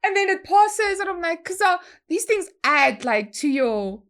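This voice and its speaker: A young adult woman, telling a story in a slangy, animated way and acting out other people's lines. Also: very high-pitched, measured pace. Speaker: guest DJ. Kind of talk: casual storytelling chat.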